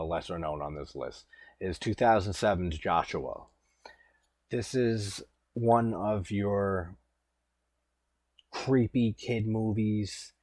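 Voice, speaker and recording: Laid-back deep-voiced man. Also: darkish tone, dry recording, clean studio sound. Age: 30s. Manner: rambling, laid-back, swears casually. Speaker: host. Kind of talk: casual commentary.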